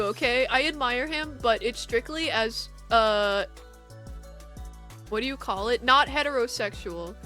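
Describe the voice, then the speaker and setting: Young woman, streamer, high bouncy voice, rambling and laughing, faint music behind. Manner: animated and rambling, with frequent laughter. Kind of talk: casual chat with viewers.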